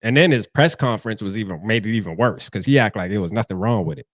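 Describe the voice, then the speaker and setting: A man's voice: on the low side, fast talker, dry recording, clean studio sound. A young man with a Charleston accent, hosting a casual fan livestream in a loose, slangy way and reading chat comments aloud. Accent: Charleston, South Carolina. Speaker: livestream host.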